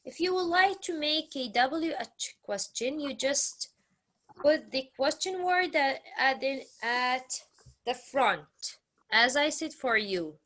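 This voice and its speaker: This woman's voice sits high, with lively intonation, a slow pace and a fairly bright tone. She teaches English grammar in a slow classroom lesson, repeating question words over and over and stressing how questions rise.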